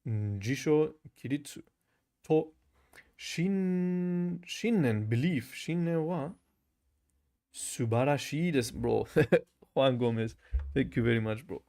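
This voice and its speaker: A man's voice: mid-range voice, lively intonation, takes it slowly, pauses often, warm tone. A young man with a German accent, chatting casually on a livestream, reading comments, saying bro a lot, laughing often and repeating practice phrases aloud. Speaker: language learner livestreaming. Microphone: camera mic.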